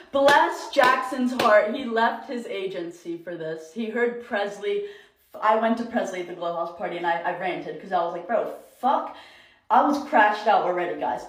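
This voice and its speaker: A young woman who is an influencer, angrily ranting and swearing through a storytime video. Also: on the high side. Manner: angry, profane, emotional rant. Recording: echoey room.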